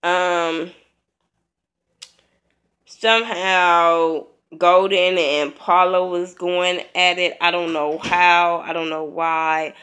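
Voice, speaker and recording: A woman's voice: on the low side, fairly even intonation, extremely slow, a bit bright, clear, resonant tone. Blunt, profane woman vlogger, sick. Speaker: vlogger reviewing a reality show. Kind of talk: casual spoken review.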